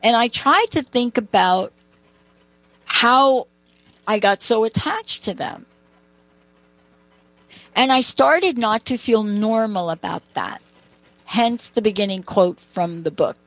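A woman's voice: a little high, expressive, takes it slowly, long pauses, a bit bright, no echo, low-quality recording. Chatty woman hosting, dry close sound. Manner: chatty, personal anecdotes, asides to a co-host. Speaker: show host. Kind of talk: conversational storytelling.

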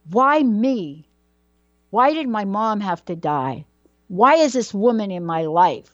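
A woman's voice: mid-range voice, very animated, takes it slowly, no room sound, lo-fi sound. A woman telling a personal childhood story in a dramatic way, building suspense with questions and repetition.

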